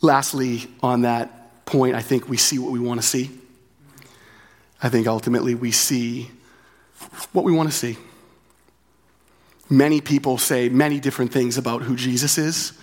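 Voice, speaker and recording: Conversational male pastor preaching. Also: medium pitch. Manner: conversational, with frequent tag questions; repeats key phrases for emphasis. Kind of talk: sermon.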